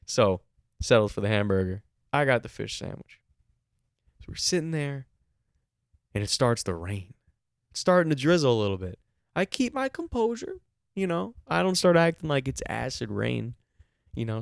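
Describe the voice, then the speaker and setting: A man's voice: mid-range voice, gravelly, no echo. Podcast guy ranting about a bad restaurant, swears a lot, dry close mic. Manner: exasperated, swears casually. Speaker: podcast co-host. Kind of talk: casual storytelling rant.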